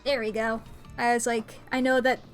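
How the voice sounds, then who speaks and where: A woman's voice: fairly high pitch, little pitch movement, moderate pace, faint music behind. A woman with an American accent chatting playfully to viewers during a live-streamed game. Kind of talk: casual live-stream chat while gaming. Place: home room by a window.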